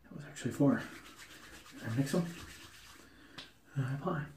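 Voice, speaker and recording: A man's voice: medium pitch, normal speed, a little mellow, a little hiss or hum. Chatty Ohio man reviewing shaves. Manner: chatty and self-deprecating, rambling asides. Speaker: wet shaving YouTuber. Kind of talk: casual product review. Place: porch at home.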